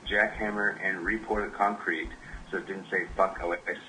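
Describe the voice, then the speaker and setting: A man in an interview calmly recounts what really happened on a tour, in a matter-of-fact way. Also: deep voice, moderate pace, a little hiss or hum, poor audio. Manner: matter-of-fact, corrects the record. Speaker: band member recalling a tour. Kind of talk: interview recollection.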